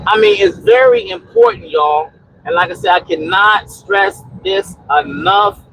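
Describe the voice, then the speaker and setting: Male trucker host, high gravelly voice, preachy and rambling, streaming from his cab with a faint engine hum. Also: unhurried, a bit bright, poor audio. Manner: preachy, repetitive exhortation; rambling with many restarts and "you know". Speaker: trucker and homesteading livestream host. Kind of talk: casual livestream talk, answering chat.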